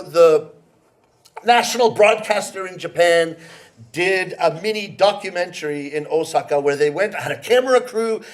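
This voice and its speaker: A man from Canada performing comedy storytelling live on a theater stage, playful and teasing the audience. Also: high-pitched. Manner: playful, teasing the audience, acting out quoted voices. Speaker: rakugo storyteller.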